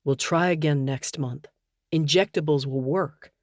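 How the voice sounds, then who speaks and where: A woman reader doing a tender young husband in an audiobook, dropped a little lower and softer than her narration. His lines are quiet and reassuring. The sound is close and dry. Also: unhurried, no room sound. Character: gentle, soft-spoken young husband. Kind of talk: audiobook character dialogue.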